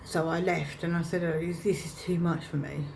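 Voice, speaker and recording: A woman's voice: low voice, steady tone, a little fast, vocal fry, a little mellow, slight background noise. Choked-up woman vlogger. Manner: emotional, reenacting her own past words. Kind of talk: personal storytelling to camera.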